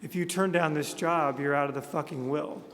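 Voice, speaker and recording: A man in his thirties from Montana gives a funny, self-deprecating keynote at a conference, telling stories and tossing in jokey asides. His voice sits on the high side with fairly even intonation and a normal pace. The recording, made in a large conference hall, echoes with long reverb and carries heavy background noise.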